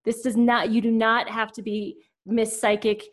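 A woman's voice: on the high side, flat delivery, moderate pace. A woman from Colorado co-hosting a casual talk, earnest and encouraging, swearing now and then. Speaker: podcast co-host, tarot teacher. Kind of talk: casual chat.

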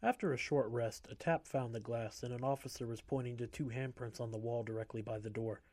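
A man reading a story aloud in a steady, measured way. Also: mid-range voice, no echo.

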